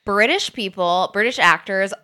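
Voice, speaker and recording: A woman podcast co-host chatting casually, playful and quick to laugh. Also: medium pitch, pushed and bright. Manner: playful, prone to mock quoting and laughter. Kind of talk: casual chat.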